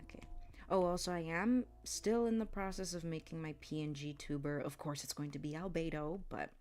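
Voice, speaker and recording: A soft-spoken woman chatting casually as she draws, often murmuring half to herself. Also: low voice, steady tone, brisk. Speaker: artist streamer. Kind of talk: casual chat while drawing. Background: background music.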